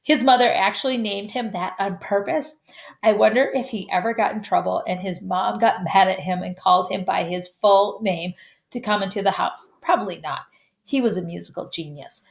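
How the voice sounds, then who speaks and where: A woman's voice: mid-range voice, creaky. Woman, amateur audiobook reader, casual narration, stumbles on names. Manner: stumbles on hard names, apologizes and adds asides. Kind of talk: amateur first-person story reading.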